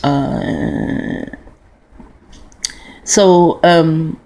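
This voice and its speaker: A woman's voice: deep voice, lively intonation, drawn-out words, vocal fry, dark tone. A woman in her forties telling a long, rambling, profane story in a casual vlog monologue, full of restarts. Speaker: vlogger.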